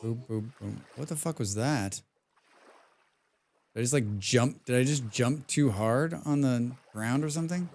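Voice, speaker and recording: Man, game streamer, casual rambling talk, hums while playing, medium pitch. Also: measured pace, darkish tone. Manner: rambling and chatty, reading chat aloud. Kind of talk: live gaming stream commentary.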